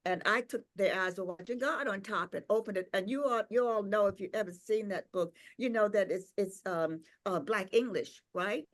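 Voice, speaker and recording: An older woman speaks at a tribute gathering and shares a personal memory in a slow, reflective way. She repeats words, pauses on "um" and "uh", and keeps drawing the audience in with "right?". Her voice sits in a middle register. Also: mid-range voice. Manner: reflective and unhurried, with frequent "um" and "uh". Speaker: invited speaker, professor.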